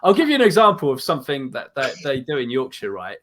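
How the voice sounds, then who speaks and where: A man with an English accent, a guest in a casual conversation, explaining things in a measured way and often restarting his sentences. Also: mid-range voice, wildly swooping pitch, a bit bright.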